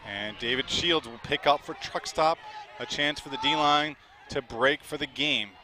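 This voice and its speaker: A man doing live play-by-play commentary, chatty and quick to laugh, with an outdoor crowd behind him. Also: on the high side.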